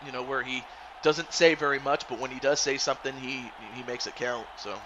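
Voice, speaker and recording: A man's voice: medium pitch, fairly even intonation, fairly quick, lo-fi sound, noisy background. A man streaming and commentating a football video game league, casually rambling and greeting viewers by name.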